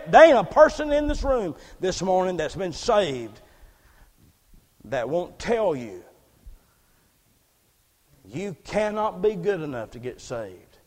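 A man preaching a sermon in a church, fervent, repeating words and rising to shouts. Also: high-pitched, long reverb tail. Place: church sanctuary.

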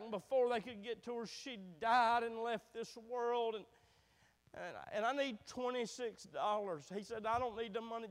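A man preaching a fervent sermon as pastor, dropping to hushed, low passages and rising to shouts. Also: in a large hall.

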